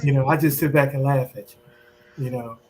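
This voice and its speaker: A man answering as a podcast guest in casual chat, calm and laid-back. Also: mid-range voice, moderate pace.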